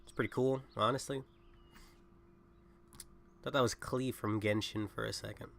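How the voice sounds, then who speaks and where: A man's voice: on the low side, steady tone, moderate pace, vocal fry, a bit bright, a little hiss or hum. A young man who is sick, chatting casually and rambling while livestreaming a game. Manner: rambling, self-interrupting. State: sick, coughing. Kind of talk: casual gaming livestream chat.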